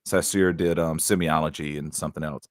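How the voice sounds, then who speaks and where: A man with a deep, low voice chats casually as a podcast co-host, rambling loosely through his stories. The sound is dry and close, with no room around it. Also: fairly even intonation, a little fast, no echo. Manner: rambling, laid-back storytelling with many fillers. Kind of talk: casual chat.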